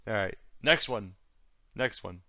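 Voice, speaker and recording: A man's voice: fairly low pitch, expressive, measured pace, bright, forceful tone, no echo, studio quality. A man giving casual commentary on video clips he reacts to, musing and repeating himself with many fillers.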